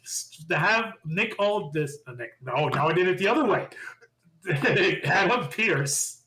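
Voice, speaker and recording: A man co-hosting a podcast, excitedly retelling a wrestling show and acting out quotes with lots of laughter. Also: high-pitched, measured pace, slight background noise. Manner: excitable storyteller, laughs often, acts out quotes. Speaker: podcast co-host. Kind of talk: casual wrestling recap chat.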